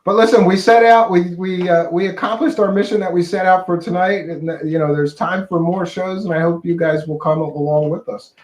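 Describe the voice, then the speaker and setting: A man hosts a casual online chat, sounding a bit higher than most men. He talks in an easygoing, halting way with plenty of restarts. His voice rings in an echoey room. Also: steady tone, darkish tone. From Philadelphia, USA. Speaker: show host.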